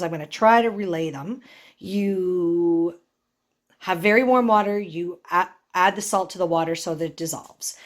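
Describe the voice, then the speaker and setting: A woman from Canada talks casually while cooking in her home kitchen. Her voice sits a little low, and she explains each recipe step by step, chatty and enthusiastic. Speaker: vlogger. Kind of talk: casual kitchen vlog narration.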